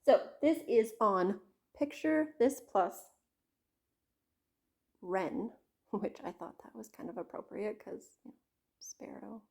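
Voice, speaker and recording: A woman's voice: mid-range voice, animated, slow pace, vocal fry, long pauses, darkish tone. A middle-aged woman from Canada chatting casually to camera about her craft projects, rambling with lots of fillers, asides and self-interruptions. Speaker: craft vlogger.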